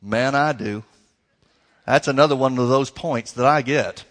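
A man's voice: mid-range voice, expressive, measured pace, fairly bright tone. A male pastor preaching a sermon, emphatic and folksy, stretching key words and speaking straight to the congregation. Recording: long reverb of a large hall.

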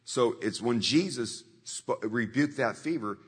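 A man's voice: medium pitch, lively intonation, a little slow, slightly rough, big-room sound. A man preaching a sermon in a conversational storytelling way, repeating scripture lines for emphasis.

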